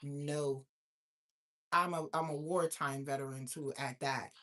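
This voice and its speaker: A woman hosting a casual storytime monologue, slangy and profane, swinging between loud outbursts and low asides. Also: fairly even intonation, unhurried. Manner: slangy, emphatic street talk. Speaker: host.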